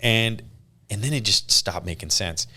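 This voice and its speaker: Speaking on the low side at a measured pace, this man in his thirties from Canada guests on a podcast. His storytelling is animated and casual, with quotes acted out.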